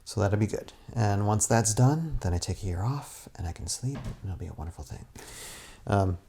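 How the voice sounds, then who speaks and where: Rambling low-voiced man chatting. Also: lively intonation, normal speed, vocal fry, dark tone. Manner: rambling, with many restarts and rants. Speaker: guest, stop-motion animator. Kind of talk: casual chat. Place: indoors, sitting on a futon.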